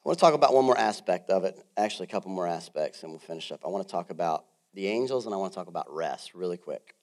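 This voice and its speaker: A male pastor preaching a sermon in a casual, jokey way, swinging from loud bursts to quiet asides. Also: low voice, fast talker. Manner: animated, swings between loud and soft.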